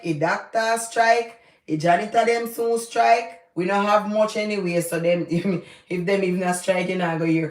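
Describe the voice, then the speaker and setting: A woman's voice: mid-range voice, roomy sound. A Jamaican woman hosting her channel, giving passionate, emphatic live commentary and slipping into patois. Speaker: channel host.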